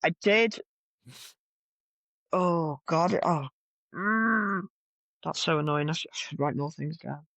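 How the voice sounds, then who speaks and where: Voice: mid-range voice, slow pace, gravelly, long pauses, a bit bright, no room sound. A co-host from North West England on a political podcast, chatting casually with dry, sarcastic asides.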